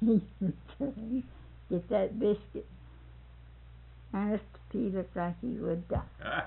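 A woman's voice: mid-range voice, slow pace, creaky, breathy edge. An older woman telling family stories, laughing often as she talks. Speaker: storyteller recalling family life. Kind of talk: casual oral history. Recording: tinny phone-like old tape.

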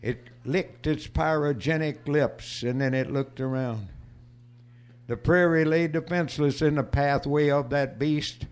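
A man performing on stage who introduces his own poem and then recites it in a measured way. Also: on the high side, steady tone, smooth. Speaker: cowboy poet performing. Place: stage before a small audience.

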